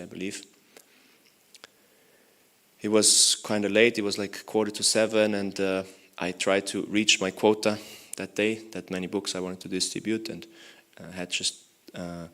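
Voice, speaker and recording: A man's voice: low-pitched, little pitch movement, normal speed, fairly bright tone. A young man, a monk, giving a morning lecture in a temple, telling a story in a loose, conversational way with many "you know"s. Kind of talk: storytelling sermon.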